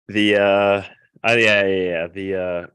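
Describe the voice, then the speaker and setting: A man's voice: sits low, level tone, slow, a bit bright, smooth, no echo. A man in casual podcast chat, laid-back and profane, talking matter-of-factly. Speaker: podcast co-host.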